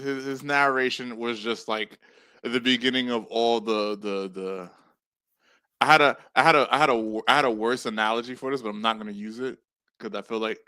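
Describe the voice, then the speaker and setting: A man's voice: medium pitch, sharp tone, dry recording. A man co-hosting a wrestling podcast, talking bluntly with an exasperated edge and hammering points home through repetition. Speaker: podcast co-host. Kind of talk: casual wrestling review chat.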